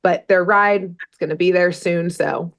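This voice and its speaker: A woman's voice: lowish voice, steady tone, measured pace. A woman voicing an impatient male pig police officer, brusque and hurrying, while retelling a cartoon.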